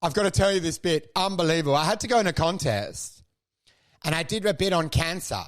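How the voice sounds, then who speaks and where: A man's voice: fairly high pitch, animated, fairly quick. A man, a comedian telling rambling stories in casual chat, acting out quoted voices and laughing often. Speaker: podcast co-host, stand-up comedian. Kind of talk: casual chat, comic storytelling.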